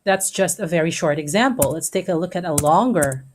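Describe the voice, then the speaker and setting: A woman teacher giving a recorded online lesson to students, explaining step by step and checking in often with a quick "okay?". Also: on the low side, background noise.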